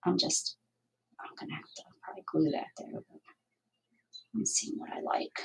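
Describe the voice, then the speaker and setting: A woman's voice: normal speed, whispered, poor audio. A woman hosting a crafting livestream, chatting casually and thinking aloud as she works. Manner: chatty, thinking aloud while working, with asides and laughs.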